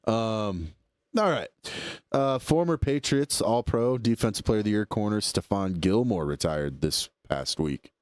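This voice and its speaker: A young man co-hosting a podcast, chatting casually about sports in a relaxed, rambling way with lots of fillers. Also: on the low side, unhurried, clean tone, dry recording, clean studio sound. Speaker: podcast co-host.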